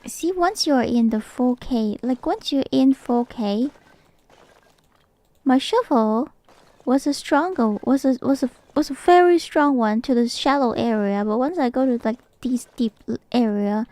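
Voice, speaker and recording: High-voiced, playful woman streamer. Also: warm tone, no echo. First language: not English. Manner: playful, chatty, quick to laugh. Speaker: game streamer. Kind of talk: casual gaming commentary.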